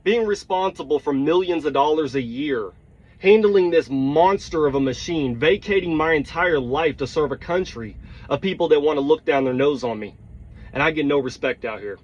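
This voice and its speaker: A man tells a heated, blunt story, his voice sitting a bit higher than most. He swears freely and keeps checking in with his listeners. The recording is dull and lo-fi. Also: expressive, normal speed. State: tired. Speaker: truck driver. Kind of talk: storytelling vlog rant.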